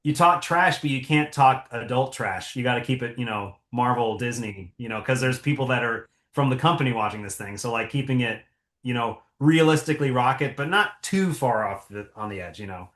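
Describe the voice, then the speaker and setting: Man, voice actor guest, mid-pitched voice, rambling, echoey room. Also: expressive, a little fast, a bit bright. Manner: thoughtful, rambling with many fillers. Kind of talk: casual interview talk.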